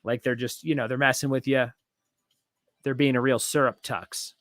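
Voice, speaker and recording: A man hosting a live trivia show, reading each question slowly and repeating it, with joking asides between. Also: medium pitch, fairly even intonation, a bit bright, dry recording, clean studio sound. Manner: reads each question slowly twice, jokes and rambles between. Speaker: trivia host.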